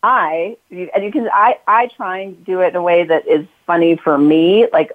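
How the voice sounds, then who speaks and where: A woman's voice: lowish voice, normal speed, hardly any pauses. A woman author, a guest in a casual interview, who talks at length and acts out the lines she says to her children. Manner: talkative, acts out quoted lines to her kids. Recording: tinny phone-like line.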